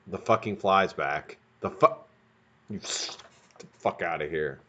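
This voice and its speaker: A man's voice: low-pitched, a little slow, pauses often, fairly bright tone. A man hosting a live stream, telling a rambling, profane story in a casual way. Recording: dull lo-fi stream audio.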